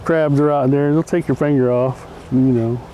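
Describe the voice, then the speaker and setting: Man, dock worker, dark mellow voice, plain-spoken, faint noise behind. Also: mid-range voice, fairly even intonation, normal speed, rough recording. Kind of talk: casual interview.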